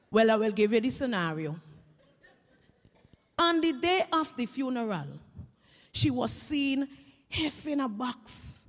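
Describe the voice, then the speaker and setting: A woman with a Caribbean Creole accent telling comic stories to an audience in a lively, chatty way, heard with long hall reverb. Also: high-pitched, unhurried. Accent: Caribbean English Creole. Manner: lively, chatty, swings between voices. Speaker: storyteller.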